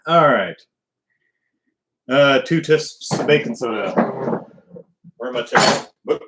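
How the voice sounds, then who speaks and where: A man's voice: medium pitch, animated, slow, noisy background. A man hosting a live stream, baking and grumbling to himself in casual, exasperated chat.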